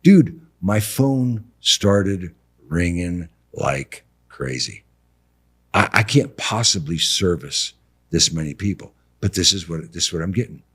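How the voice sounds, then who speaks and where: Slow and husky, with a deep voice, a middle-aged contractor recounts stories in a laid-back podcast interview. He brings conversations to life by playing both sides, adding slangy asides full of "bro" and "dude."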